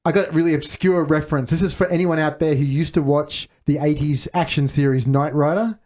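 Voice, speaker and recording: A man's voice: on the high side, fairly even intonation, brisk, a little mellow. A man hosting a casual movie podcast, asking the group questions and reading out trivia. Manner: leads with questions and reads out trivia. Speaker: podcast host.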